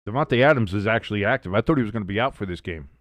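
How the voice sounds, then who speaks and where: A man's voice: fairly low pitch, animated, very fast, a bit bright, no echo. A man hosting a casual live sports watch-along, chatty, with sarcastic, mocking asides.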